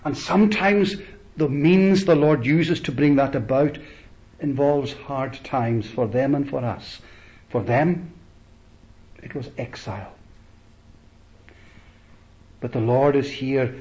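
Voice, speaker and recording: A man preaching a sermon slowly and deliberately, rising to emphatic peaks and letting phrases trail off softly. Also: mid-range voice, muffled recording.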